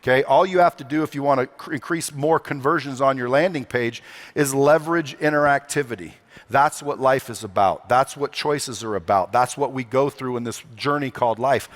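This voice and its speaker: A man giving a motivational talk on stage at a conference, brash and profane, firing rhetorical questions at a live audience. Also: medium pitch. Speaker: conference speaker.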